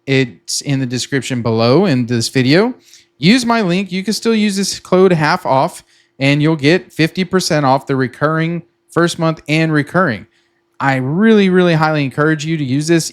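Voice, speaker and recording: Chatty man explaining in a higher voice. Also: animated, moderate pace. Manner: chatty, repeats himself, acts out his own panicked reactions. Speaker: trading content creator. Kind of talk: casual explainer with sponsor pitch.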